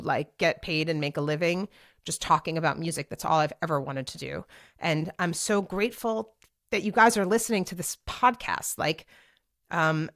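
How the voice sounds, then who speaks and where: A woman in her forties hosts a casual solo podcast, speaking straight to the camera. Her voice sits a little low, and she rambles in a lively, chatty way, full of "like" and "um" and quick restarts. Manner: chatty and animated, many fillers and restarts. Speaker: podcast host and DJ. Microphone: speaking to a camera for a video podcast.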